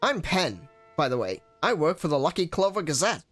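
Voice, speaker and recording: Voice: mid-range voice, big pitch swings, normal speed, a bit bright, faint music behind. A streamer doing a bird reporter with an old-time newsreader voice. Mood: brisk, upbeat. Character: cheery male bird newspaper reporter. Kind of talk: voicing game dialogue.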